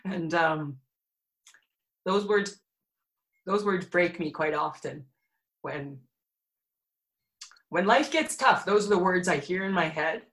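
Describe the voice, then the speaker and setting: A woman in her forties with a bright, forceful tone, telling a personal story on a podcast. She speaks candidly and with animation, and breaks into laughter between the heavy parts. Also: fairly low pitch, animated, slow, long pauses, rough recording. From Alberta, Canada. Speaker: podcast guest.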